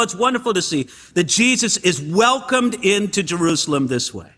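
High, bright-voiced preacher in a reverberant hall. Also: male voice, moderate pace, hardly any pauses. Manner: animated preaching with rhetorical questions and rising exclamations. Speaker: pastor. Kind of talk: sermon.

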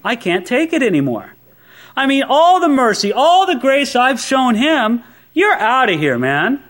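A man's voice: very high voice, huge pitch swings, measured pace, fairly bright tone, voice pushed up, full character voice. A man voicing God in a sermon, patient but exasperated, speaking plainly and offhandedly.

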